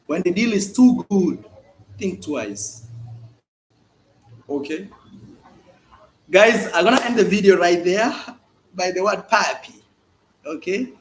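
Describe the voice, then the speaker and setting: Male vlogger, animated storyteller, high lively voice, faint noise behind. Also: measured pace, long pauses. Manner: animated, emphatic storytelling with repetitions. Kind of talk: casual vlog monologue. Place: at home, indoors.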